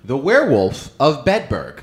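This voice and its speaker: Man, podcast host, animated, joking, lively pitch. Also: measured pace. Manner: animated, joking, swears often. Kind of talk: casual chat, telling a story.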